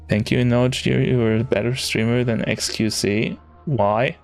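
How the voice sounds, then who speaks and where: A male streamer tosses crude, joking asides to his live chat between reading lines. His voice sits at a middle pitch for a man. Game music plays faintly in the background. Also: steady tone, normal speed, gravelly, hardly any pauses.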